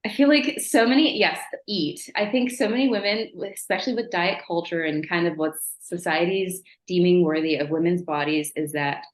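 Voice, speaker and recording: A lower-pitched woman talks as a podcast guest, earnest and reflective with frequent laughs. Her voice sits in a noticeably echoey room. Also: normal speed, hardly any pauses. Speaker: podcast guest, former client. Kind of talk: casual interview chat. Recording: roomy echo.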